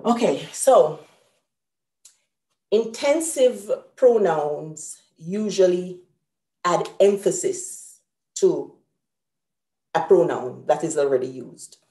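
A woman's voice: on the low side, lively intonation, takes it slowly, pauses often, mellow, echoey room. A woman teaching a live grammar lesson at a whiteboard, explaining patiently step by step and correcting herself aloud. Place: room with a whiteboard.

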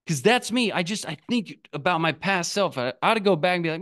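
A man's voice: high voice, expressive, a little fast, few pauses, a bit bright. A man giving a candid, casual motivational talk as an online business coach, cursing freely and acting out his past self.

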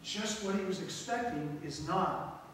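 Guy preaching a sermon, pretty high voice, reads verses then riffs on them dramatic, far off in a big echoey church. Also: lively intonation, unhurried, fairly bright tone, slight background noise. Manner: dramatic, reads scripture aloud and comments between verses. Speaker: guest preacher. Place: church sanctuary.

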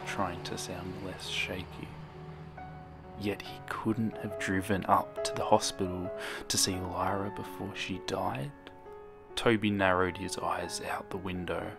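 A man with a deep, low voice reads a horror story in a steady, measured way. Loud music plays under the narration throughout. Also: creaky.

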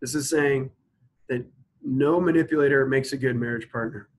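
A male instructor works through logic examples at an even pitch. He slows down to spell out each sentence and keeps asking his listeners to stop and think before he gives the answer. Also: low-quality recording. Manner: explains step by step, asks students to pause and think. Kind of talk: recorded logic lecture.

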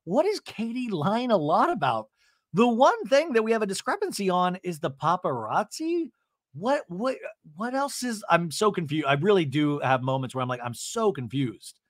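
A man hosting a podcast, recapping a TV episode in a sarcastic, animated way, often laughing and slipping into mock voices. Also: high-pitched, moderate pace, no echo, clean studio sound. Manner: laughs often while talking. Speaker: podcast host.

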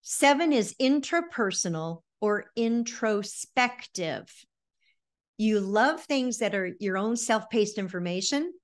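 A middle-aged woman giving a lively virtual workshop on presentation skills, telling stories and breaking into snatches of song. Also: mid-range voice, slow. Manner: animated storyteller, bursts into snippets of song.

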